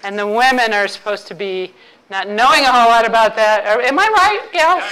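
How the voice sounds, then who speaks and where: A woman's voice: fairly high pitch, lively intonation, fairly quick, a bit bright, low-quality recording. A woman author giving a humorous talk to a live audience, playfully quizzing the crowd. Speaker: author and intimacy speaker.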